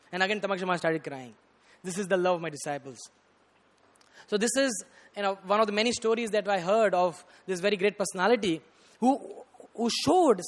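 A man preaching a storytelling sermon, animated and rising to loud bursts, often saying "you know". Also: high voice. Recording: reverberant hall.

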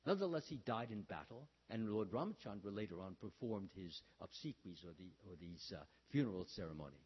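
A man giving a storytelling sermon, talking haltingly with many fillers and restarts, and acting out the lines he quotes. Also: on the low side, sing-song, husky. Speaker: religious speaker. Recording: dull, reverberant hall sound.

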